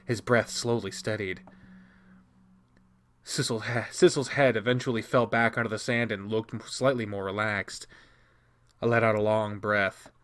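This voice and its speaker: A man reading a visual novel aloud, narrating expressively with quick restarts. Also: lowish voice, steady tone, fairly bright tone. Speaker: game reader.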